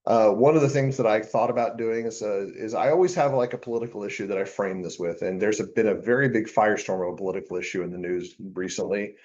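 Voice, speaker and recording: A man's voice: fairly low pitch, quick pace, few pauses, a little mellow, muffled recording. A man teaching a university accounting class in a classroom, chatty and joking, with many asides before he gets to the material. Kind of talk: classroom lecture. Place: lecture classroom.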